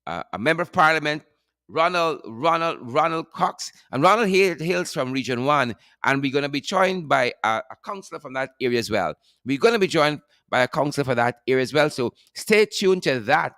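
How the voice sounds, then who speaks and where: Guyanese male host, chatty and repetitive, slightly high voice, close dry sound. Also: pushed and bright, no room sound. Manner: chatty, repeats phrases, laughs often. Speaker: show host. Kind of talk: casual live-stream chat, greeting viewers.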